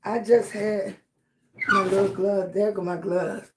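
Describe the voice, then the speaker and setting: Hoarse woman hosting a slow live chat. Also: mid-range voice, level tone, noisy background. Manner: affectionate, greets viewers by name, encouraging. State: hoarse, voice not fully back. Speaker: livestream host. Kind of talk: casual livestream chat greeting viewers.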